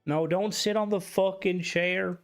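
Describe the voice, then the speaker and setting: A man's voice: high voice, fairly even intonation, unhurried. A man streaming a video game live, chatting casually with viewers, swearing freely and reacting aloud to what happens on screen. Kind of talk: casual live gameplay commentary.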